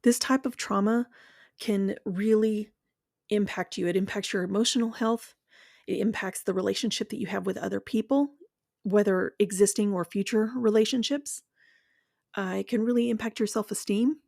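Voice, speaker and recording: A woman speaking in a slow, measured, earnest reflective monologue, walking the listener through guided imagery and then sharing her own experience. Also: medium pitch, steady tone, gravelly, a little mellow, no echo, studio quality.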